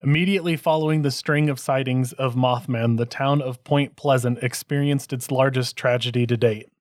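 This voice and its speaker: A man co-hosting a podcast, reading researched notes with deadpan quips. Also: mid-range voice, moderate pace, no room sound, clean studio sound. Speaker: podcast co-host.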